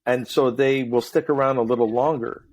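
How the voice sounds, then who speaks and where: A middle-aged man hosting a podcast, telling stories in talkative, animated casual chat. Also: medium pitch, moderate pace. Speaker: podcast host.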